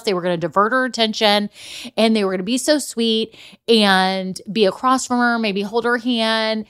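A woman's voice: on the high side, normal speed, a bit bright, smooth. A middle-aged woman, a business coach telling stories in a casual motivational talk. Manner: chatty storyteller, addresses listeners as y'all.

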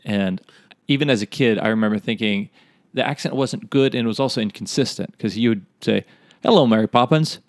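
A man's voice: lowish voice, brisk, no room sound, studio quality. A man co-hosting a comedy podcast, chatting casually in a rambling way and laughing at his own jokes. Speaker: podcast co-host.

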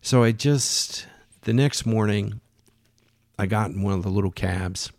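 A man telling a casual anecdote in an animated way, often restarting his phrases. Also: on the low side, unhurried, no room sound, studio quality. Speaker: storyteller.

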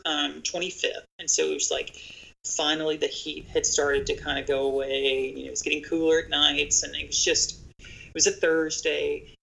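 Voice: medium pitch, vocal fry, a bit bright, rough recording. A podcast guest earnestly telling a story in conversation, speaking directly to listeners and giving safety tips to real estate agents.

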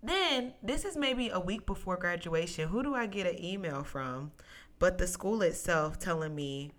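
A young woman hosting a solo podcast tells a personal story with emotion, testimony-like and close to tears at times. She's animated and calls her listeners "y'all." Her voice is on the low side, at a moderate pace.

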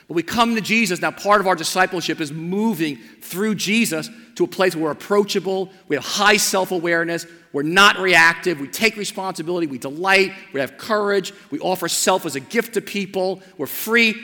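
In a church sanctuary with long hall reverb, a high-voiced pastor preaches a sermon to his church. He builds to emphatic, repeated lines, then drops into a soft, slow invitation.

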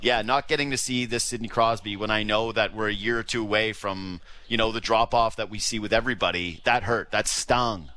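A man co-hosting a sports talk show, ranting in a casual, animated way with lots of restarts. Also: fairly low pitch, brisk, few pauses. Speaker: sports radio co-host.

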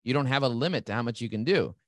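A middle-aged man talking as an interview guest, fast and enthusiastic, repeating key words for emphasis. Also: medium pitch, animated, fairly bright tone, no echo, studio quality. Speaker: guest, marketing agency CEO. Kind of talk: energetic interview talk.

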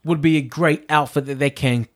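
Casting: higher-pitched man, playful podcast co-host. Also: steady tone, normal speed. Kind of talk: casual chat.

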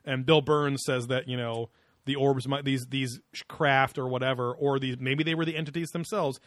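A man's voice: medium pitch, fairly even intonation, normal speed, a bit bright, no room sound, studio quality. A man co-hosting a podcast in casual chat, rambling through a story, swearing casually and laughing often. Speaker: podcast co-host.

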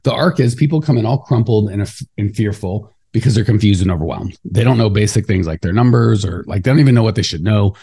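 A man co-hosting a podcast in casual chat, talking fast and getting fired up, acting out quoted voices along the way. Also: on the low side, vocal fry, breathy edge. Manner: fast, animated, ranty. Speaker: podcast co-host.

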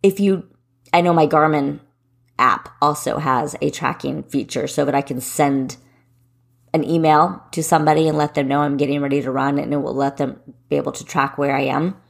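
A woman's voice: sits low, steady tone, moderate pace, vocal fry. A woman in her forties hosting a solo podcast, giving running tips in a direct, encouraging way. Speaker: podcast host and running coach.

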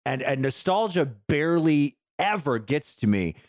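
Man, podcast co-host, animated and profane, dry close mic. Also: fairly high pitch, measured pace, no echo. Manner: animated, swearing, laughing often. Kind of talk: casual chat.

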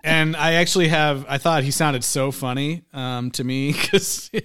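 A man co-hosts a casual podcast, riffing on an old movie with plenty of laughter. His voice is bright and a bit high. He jumps into quoted lines as he talks. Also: steady tone, measured pace, clear, resonant tone. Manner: chatty and amused, laughs often, quotes lines in silly voices. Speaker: podcast co-host. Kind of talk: casual chat about an old film.

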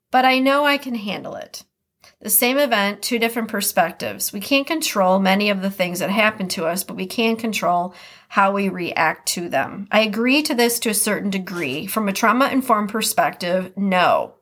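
A woman's voice: mid-range voice, a bit bright. Chatty Midwestern woman podcast host. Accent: Upper Midwest American. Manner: chatty, reflective, reads quotes aloud then comments. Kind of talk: casual podcast monologue.

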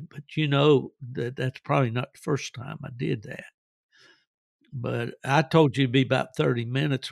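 A man's voice: medium pitch, vocal fry, no room sound, studio quality. A man hosting a podcast, telling rambling, folksy stories with frequent chuckles. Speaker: podcast host. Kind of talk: casual storytelling.

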